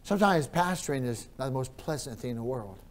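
A male pastor preaches a sermon in an animated, fast-talking, mid-range voice. He repeats his phrases and swings between quiet storytelling and loud, raised preaching.

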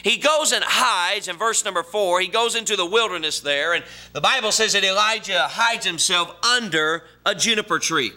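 Male preacher, folksy storyteller, bright and edgy tone, shifts loud to low. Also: moderate pace, few pauses. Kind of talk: sermon.

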